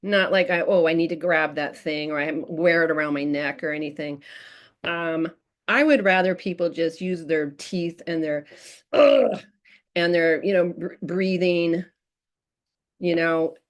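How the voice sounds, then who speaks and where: A woman's voice: deep voice, steady tone, measured pace. A woman presenting a parenting workshop in an informal, chatty way, with many fillers and restarts.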